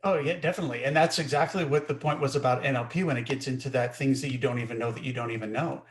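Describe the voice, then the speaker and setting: A man's voice: medium pitch, fast. A man co-hosting an online webinar, explaining ideas emphatically and often checking in with the listeners. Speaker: co-host teaching a webinar. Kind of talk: webinar teaching.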